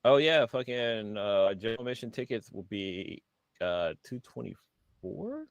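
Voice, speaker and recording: Low-voiced man, loose podcast chatter. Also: sing-song, measured pace, dry recording. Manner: loose, joking, heavy swearing. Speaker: podcast co-host. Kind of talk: casual chat.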